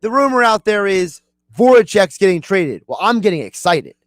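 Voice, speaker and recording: A man co-hosting a sports radio show in a studio, talking fast and with strong opinions. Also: sits high, very animated, no echo. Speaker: radio producer and co-host. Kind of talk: casual sports radio chat.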